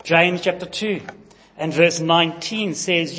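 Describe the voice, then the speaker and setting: High, lively male preacher. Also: a little slow. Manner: emphatic, questioning the congregation. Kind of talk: sermon. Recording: long reverb of a large hall.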